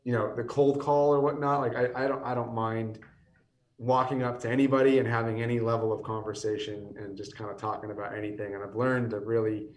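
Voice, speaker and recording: A man's voice: medium pitch, flat delivery, fairly quick, reverberant, far from the mic. Tired, chatty man in his thirties. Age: 30s. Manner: chatty, rambling with many restarts and fillers. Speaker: whiskey company guest. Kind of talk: casual podcast conversation.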